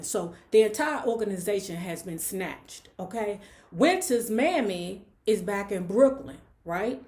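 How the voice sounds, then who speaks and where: A woman's voice: mid-range voice, a little mellow. Chatty woman hosting a book reading. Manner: chatty, frank, frequent "okay?". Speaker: book club host reading a novel. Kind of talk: casual read-along with commentary. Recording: roomy echo.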